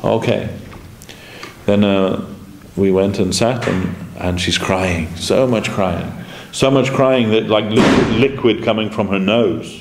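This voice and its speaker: A man's voice: fairly low pitch, slow. Man giving a storytelling devotional class. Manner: storytelling, acts out quoted dialogue, chuckles. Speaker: spiritual teacher giving a class. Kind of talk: informal devotional class with anecdotes. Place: temple lecture room. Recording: echoey room, faint background noise.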